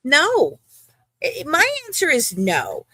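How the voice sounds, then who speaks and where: A woman's voice: sits high, wildly swooping pitch, takes it slowly, bright, forceful tone, dry recording. A woman co-hosting a casual live show, rambling and exasperated, restarting her sentences. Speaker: podcast co-host. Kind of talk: casual live-stream chat.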